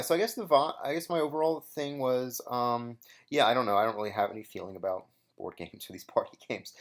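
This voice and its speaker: Young man, casual commentary, rambling, hesitant, lively pitch. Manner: rambling, hesitant, many fillers and restarts. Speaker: former contestant giving episode commentary.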